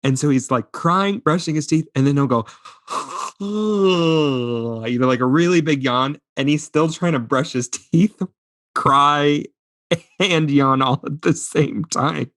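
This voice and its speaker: A man's voice: fairly high pitch, slow, a bit bright, dry recording, studio quality. A man in his thirties co-hosting a podcast, telling a family story in casual chat, acting out his toddler and laughing as he goes. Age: 30s. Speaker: podcast co-host.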